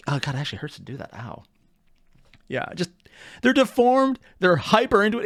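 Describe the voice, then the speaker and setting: A man hosting a reaction video, talking casually with lively swearing and laughing asides. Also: mid-range voice, normal speed, vocal fry, dry recording, clean studio sound.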